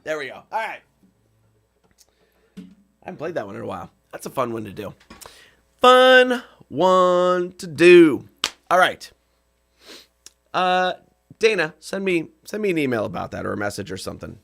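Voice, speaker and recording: Bright-voiced man hosting a live stream. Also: mid-range voice, very animated, a little fast, pauses often, soft background music. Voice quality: rough singing voice. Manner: rambling, filler-heavy chat with viewers. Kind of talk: casual live-stream chat and comic songs.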